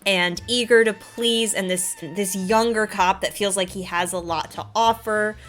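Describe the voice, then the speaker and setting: A woman hosting a casual chat, animated and enthusiastic, often laughing as she talks. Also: mid-range voice, unhurried, soft background music. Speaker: host.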